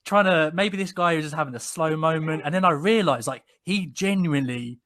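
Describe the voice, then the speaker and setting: A man, co-hosting a podcast and telling stories in casual chat, with frequent restarts and animated retelling. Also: a little high, brisk. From England. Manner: rambling, many restarts, animated when quoting people. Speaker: podcast co-host. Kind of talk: casual conversational storytelling.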